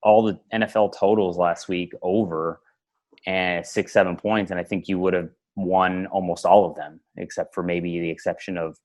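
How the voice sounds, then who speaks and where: Low-voiced man hosting a betting podcast. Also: moderate pace. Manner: relaxed, conversational, trails off with fillers. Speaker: podcast host. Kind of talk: casual sports betting chat.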